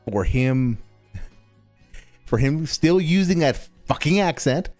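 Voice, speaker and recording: A man's voice: fairly high pitch, darkish tone, dry recording. Exasperated, swearing man reacting to a stream. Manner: exasperated, sarcastic, swears often. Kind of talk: profane reaction commentary.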